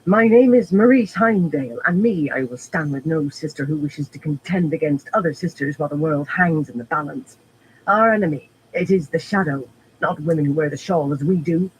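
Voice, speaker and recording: A man's voice: a little high, moderate pace, slight background noise, natural voice, low-quality recording. A man doing a blunt Tarabon-accented sister. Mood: firm.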